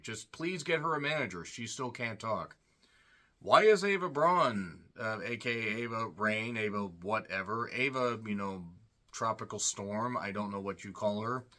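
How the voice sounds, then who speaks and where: Guy doing a snarky wrestling show review, kinda low voice but bright and punchy, rambles a lot. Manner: sarcastic, rambling asides. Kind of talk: casual solo review commentary.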